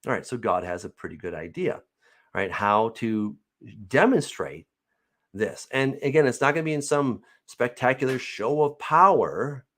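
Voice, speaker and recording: A man's voice: mid-range voice, moderate pace. Male Bible teacher, mid-range voice, reads the text then riffs on it conversationally. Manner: reads scripture aloud, then explains it in a lively, chatty way with light laughs. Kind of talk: casual verse-by-verse Bible teaching.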